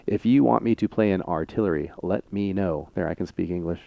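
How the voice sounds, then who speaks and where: A man streaming a tank game live, chatting excitably to teammates and viewers. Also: low voice, fairly quick, creaky, dry recording, lo-fi sound. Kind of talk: live gameplay commentary.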